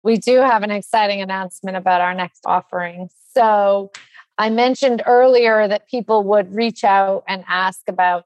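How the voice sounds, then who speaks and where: A woman in her forties speaking as a nonprofit leader in casual podcast talk, animated and chatty with lots of fillers. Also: medium pitch, normal speed, no echo. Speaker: nonprofit leader announcing trainings.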